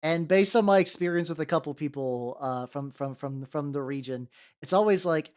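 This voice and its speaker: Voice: medium pitch, normal speed, darkish tone. Rambling streamer greeting chat. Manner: rambling, greets chat by name, swears casually. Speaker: VTuber streamer painting miniatures. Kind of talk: casual livestream chat.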